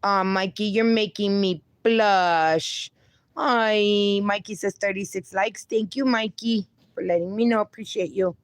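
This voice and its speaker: A young woman's steady, middle-pitched voice comes through dry and close, without any room around it. As a livestream host she chats slowly and easily, reading viewer comments and cheering people on with frequent laughs and light swearing.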